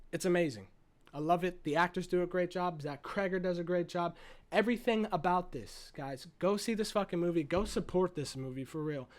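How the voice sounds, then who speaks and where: Young guy, fairly high voice, swears nonstop, rambling and fired-up vlog reviewer. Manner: excitable, profane, rambling retelling. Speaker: movie reviewer. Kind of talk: casual movie review vlog.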